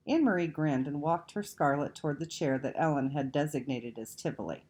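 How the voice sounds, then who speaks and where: A woman reading a children's novel aloud, measured and expressive. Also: low-pitched. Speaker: audiobook reader. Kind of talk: storybook read-aloud narration.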